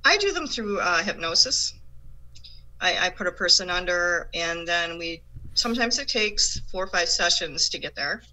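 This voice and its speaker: A woman's voice: lowish voice, lively intonation, moderate pace, pushed and bright, rough recording. A woman, a psychic medium guest on a talk show, explaining in a chatty way with frequent restarts. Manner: chatty, laughs often, many restarts. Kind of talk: casual chat.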